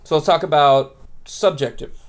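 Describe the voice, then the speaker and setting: A man co-hosting a podcast in casual chat, animated and laughing often. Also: a little high, normal speed. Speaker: podcast co-host.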